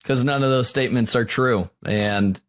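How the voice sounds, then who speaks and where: A man's voice: mid-range voice, normal speed. A man hosting a podcast, talking reflectively in a casual interview chat, often ending thoughts with a question tag. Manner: reflective, frequent "right?" tags. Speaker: podcast host.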